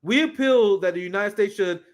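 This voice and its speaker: A high-voiced man hosts casual political commentary, ranting profanely at a brisk pace. He's animated and laughs often, reading clips aloud while reacting to them.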